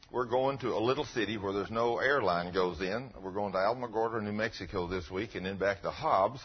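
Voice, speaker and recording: Middle-aged pastor guy, husky voice, folksy earnest sermon talk, kinda muffled lo-fi recording. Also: mid-range voice. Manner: folksy and earnest, quotes scripture. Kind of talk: conversational sermon. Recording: dull lo-fi recording.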